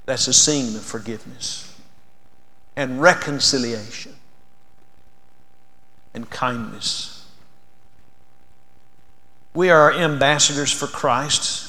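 An older man preaching a sermon in a church, earnest, moving from soft and slow passages to loud, fervent ones. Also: mid-range voice. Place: church sanctuary. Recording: long reverb of a large hall.

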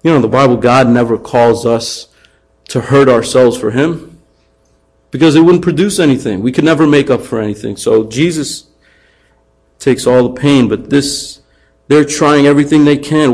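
Male pastor, sermon, animated delivery, raised mocking quotes, mid pitch. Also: moderate pace, poor audio. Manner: animated, acts out taunts in raised voice.

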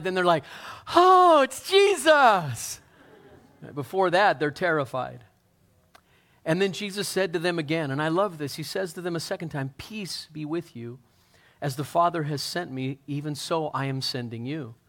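With a fairly high-pitched voice, a male pastor delivers a sermon, telling the story in a lively, conversational way and acting out the scenes.

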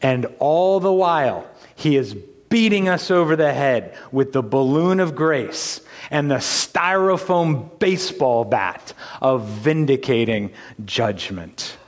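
A man preaches a sermon, taking his time over each phrase. He swings from hushed whispers up to loud, emphatic lines and keeps asking the congregation rhetorical questions. His voice rings with a long reverb through a church sanctuary. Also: medium pitch, expressive, takes it slowly. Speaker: pastor.

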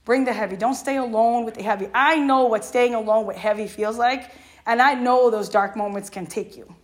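A woman's voice: a little high, moderate pace. A middle-aged woman youth leader sharing her personal story with a youth group in an earnest, emotional way, often asking "right?". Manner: earnest, tags lines with "right?"; emotional, near tears at times.

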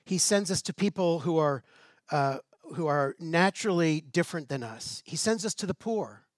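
A man's voice: on the high side, animated, moderate pace, dry recording, clean studio sound. A male pastor preaching a sermon in a conversational way, posing rhetorical questions and dropping light asides.

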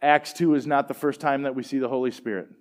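A man's voice: medium pitch, fast talker. Man telling a casual sermon story. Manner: conversational, animated storytelling with fillers. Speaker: pastor.

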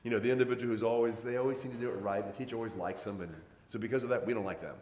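A man's voice: mid-range voice, racing, darkish tone, roomy sound, a little hiss or hum. A man preaching a sermon in a conversational way, pressing harder on his key points. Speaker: pastor.

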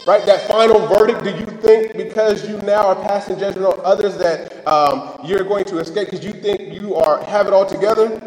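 A man with a high voice preaches a sermon in a loose, conversational way, checking in with "right?" and restarting his sentences. He sounds as if he is in a church hall, with a long, roomy echo around his voice. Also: fairly even intonation, moderate pace, few pauses, darkish tone, soft background music.

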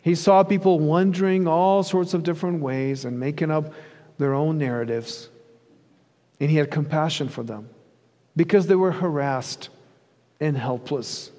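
A man with a high voice preaches a sermon, earnest and rhythmic, stacking repeated phrases. His words ring out with a long reverb, as in a large church hall. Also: darkish tone. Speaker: pastor.

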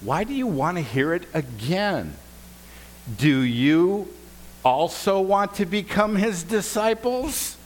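A man's voice: high voice, expressive, slow, voice pushed up. A man voicing a healed blind man who answers with sarcastic exasperation. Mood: exasperated.

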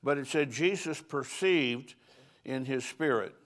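A man's voice: medium pitch, a little slow, fairly bright tone. Folksy older man preaching a sermon. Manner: folksy, anecdotal, chuckles between lines. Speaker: pastor. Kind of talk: conference sermon with storytelling.

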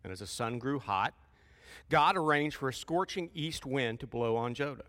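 A man preaching a sermon in a church, lively and emphatic, with folksy asides between loud peaks of emphasis. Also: medium pitch, normal speed, long reverb tail. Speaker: pastor.

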